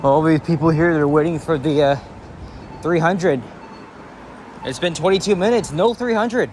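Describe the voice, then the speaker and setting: A man's voice: a little high, normal speed, a little mellow. Rambling man walking a city street. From Canada. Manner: rambling, filler-heavy, casual swearing. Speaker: walking vlogger. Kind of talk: casual walking commentary. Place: city street outdoors at dawn. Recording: faint street noise outdoors.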